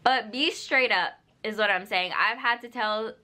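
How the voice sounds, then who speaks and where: A young woman addresses the camera in a vlog, giving relaxed, unscripted advice full of "like" and "you know." Her voice is on the high side with a sharp tone, a little slow, and her manner is sincere and direct.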